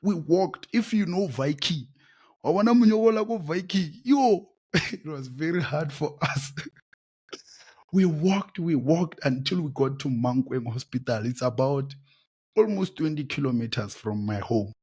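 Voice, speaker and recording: A man in his late twenties with a South African accent, hosting a podcast and telling a personal story in an animated way, repeating phrases and breaking into exclamations. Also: on the high side, a little slow, husky. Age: late 20s. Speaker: podcast host.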